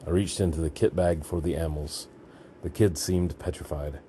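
Man, extremely low voice, dark tone, gritty deadpan storytelling, faint background hiss. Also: normal speed. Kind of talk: audiobook narration.

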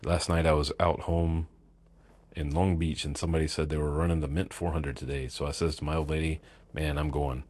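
A man putting on a drunk middle-aged biker who rambles on in a cursing, boozy drawl. The voice sits extremely low and dark, with a husky edge and a dry, close sound. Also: flat delivery, brisk, dry recording. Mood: boozy rambling. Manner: profane, rambling, laughing.

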